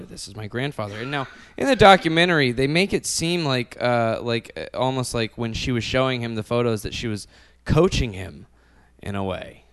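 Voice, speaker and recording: A man's voice: mid-range voice, smooth. A man hosting a podcast, recounting a true-crime story with profane asides. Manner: profane, animated, cuts in with jokes. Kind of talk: storytelling with casual chat.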